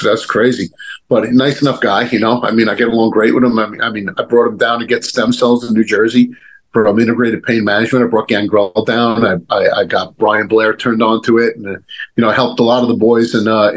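A former pro wrestler in his fifties appears as a guest in a casual storytelling chat, rambling along with many restarts, fillers and the odd swear word. His voice is lowish, and the recording quality is low.

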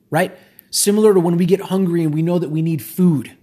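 Male self-help speaker, raspy and high-pitched, casual and insistent. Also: brisk, mellow. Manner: emphatic, repetitive, conversational. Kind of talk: motivational monologue.

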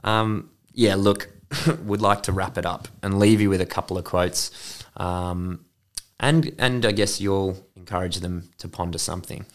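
A man's voice: deep voice, fairly even intonation, measured pace. A man co-hosting a podcast in casual chat, earnest and reflective. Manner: earnest, reflective, says "mate". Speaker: podcast co-host.

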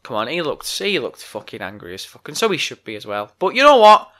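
A man's voice: mid-range voice, huge pitch swings, brisk, bright, forceful tone. A man hosting a solo wrestling podcast, ranting bluntly and swearing a lot. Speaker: podcast host.

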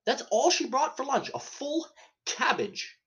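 A man's voice: extremely high pitch, animated, a little slow, a bit bright. A man hosting a podcast, telling a comedic story in a rambling, profane way, often interrupting himself and laughing at his own tale. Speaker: podcast host.

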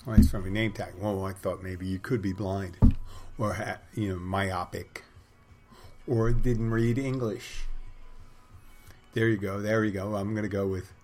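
A man's voice: low-pitched, level tone, moderate pace, darkish tone, faint music behind. A middle-aged man rambling through a casual monologue, with wry, digressive, crude humor.

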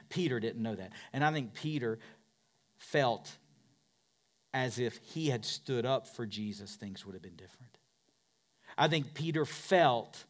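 A male pastor preaching a sermon with passion, dropping to hushed tones and climbing to loud, shouted declarations. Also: mid-range voice.

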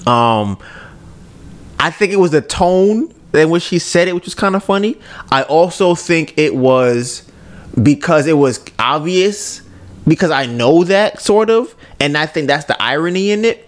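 Animated man telling a story. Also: on the high side, measured pace. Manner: animated storytelling, laughs often, keeps asking "right?". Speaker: podcast host. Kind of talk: casual podcast chat.

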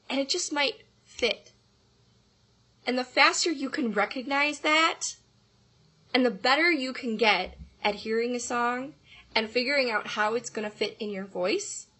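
A woman's voice: a little high, sharp tone, slightly rough. A woman voice teacher giving an upbeat, enthusiastic podcast lesson on singing.

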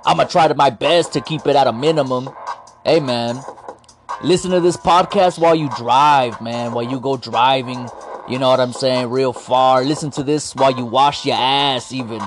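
A man's voice: medium pitch, normal speed, faint music behind. A man hosting a wrestling podcast, talking in a playful, slangy, self-mocking way. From Latino. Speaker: podcast host. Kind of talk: casual wrestling podcast commentary.

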